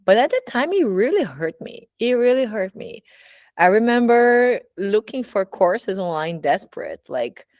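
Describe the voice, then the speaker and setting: A woman's voice: mid-range voice, a little mellow, dry recording, studio quality. A woman with a Brazilian accent, a burlesque teacher speaking candidly in a casual personal monologue, full of "you know, like" fillers.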